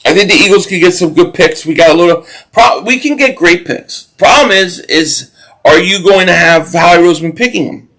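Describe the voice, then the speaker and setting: A man's voice: high voice, moderate pace, fairly bright tone, poor audio. A man hosting a live-stream football watch party, chatting loosely, reading viewer comments and reacting to plays while often restarting his sentences. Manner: rambling, restarts sentences, reacts to the game and chat.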